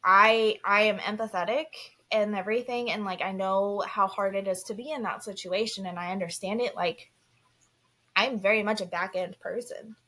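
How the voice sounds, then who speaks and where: A woman's voice: medium pitch, steady tone, moderate pace, sharp tone. A young woman co-hosting a podcast, talking candidly and earnestly in casual chat, with frequent restarts and fillers. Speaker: podcast co-host.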